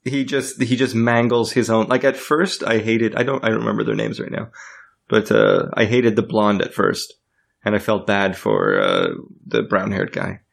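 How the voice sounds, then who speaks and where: A man co-hosting a podcast in casual chat, laughing often and talking in halting, self-correcting bursts. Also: fairly low pitch, expressive, creaky. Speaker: podcast co-host.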